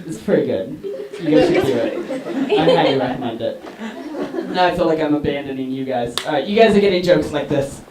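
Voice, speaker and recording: A man's voice: on the high side, lively intonation, brisk, a loud crowd. A man doing a rambling, self-deprecating stand-up set, chatting with the audience. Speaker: stand-up comedian. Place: small comedy venue. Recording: echoey venue mic from a distance with loud noise. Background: loud audience laughter and noise.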